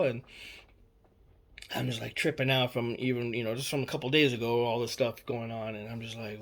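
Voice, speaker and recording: A man's voice: medium pitch, little pitch movement, normal speed, long pauses, fairly bright tone. A young man telling a personal story in a casual, rambling way, repeating himself with lots of fillers and swearing. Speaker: storyteller recounting a personal experience. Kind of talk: casual spoken account.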